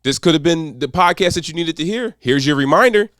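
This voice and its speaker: A man's voice: fairly high pitch, expressive, a little fast, fairly bright tone, no room sound, studio quality. A man speaking as an accountability coach in a motivational monologue, repeating short mantras with emphasis.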